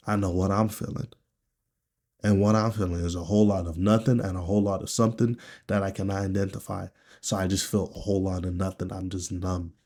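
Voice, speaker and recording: A Nigerian man speaks candidly in a personal video diary as a vlogger. His delivery is low, subdued, warm in tone, profane and rambling.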